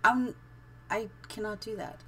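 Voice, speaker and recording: A woman's voice: mid-range voice, unhurried, sharp tone. A middle-aged woman casually commenting on her live-streamed building game, chatty and giggly, thinking aloud as she goes.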